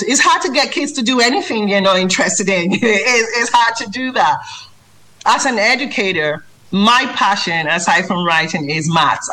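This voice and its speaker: A woman's voice: mid-range voice, poor audio. A woman who writes children's books and tutors maths, answering interview questions in an earnest, emphatic way. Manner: earnest, emphatic, lively when mimicking reading aloud.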